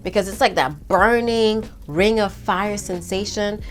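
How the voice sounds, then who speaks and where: A woman in her thirties chatting casually to her viewers, telling a personal story in an animated, talkative way. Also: medium pitch, measured pace, faint music behind. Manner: chatty, animated, addresses viewers as girl and y'all.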